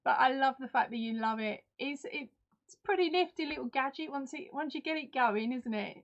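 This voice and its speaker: A woman's voice: high voice, fairly quick, muffled recording. A woman hosting a live crafting stream in casual chat, reading out and answering viewers' comments. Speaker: host.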